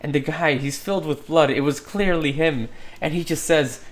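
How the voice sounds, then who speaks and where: A man's voice: fairly high pitch, normal speed, noisy background. A man chatting casually while working on a livestream, rambling, thinking aloud and laughing often. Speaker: livestreamer modeling in 3D software.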